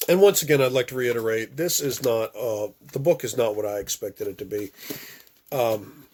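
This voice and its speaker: A man's voice: medium pitch, moderate pace, a little mellow, slight background noise. A man hosting a book-reading channel, chatting casually about the chapter and asking viewers to subscribe. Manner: chatty, lots of fillers. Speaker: book club channel host. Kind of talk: casual audiobook reading and commentary.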